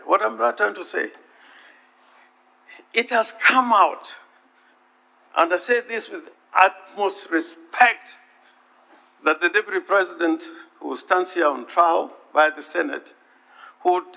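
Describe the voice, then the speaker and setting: A man giving a formal legal submission to a senate, deliberate and emphatic, stressing and repeating key words. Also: fairly high pitch, gravelly, bright, forceful tone. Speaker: counsel addressing the Senate. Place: legislative chamber.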